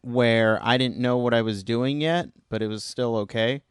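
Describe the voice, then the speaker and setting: A Canadian man hosts a casual podcast chat with a smooth, resonant voice. He speaks in an easygoing, self-deprecating way, often restarting his sentences. The recording is close and dry. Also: medium pitch, moderate pace, no room sound. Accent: Canadian English. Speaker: podcast host.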